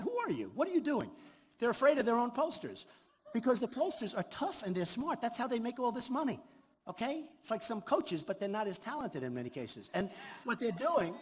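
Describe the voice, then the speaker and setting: A man's voice: extremely high pitch, husky. A man in his sixties giving an off-the-cuff campaign rally speech, boastful and repetitive. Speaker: candidate at a rally. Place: large hall before a crowd. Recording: reverberant hall, faint ambience.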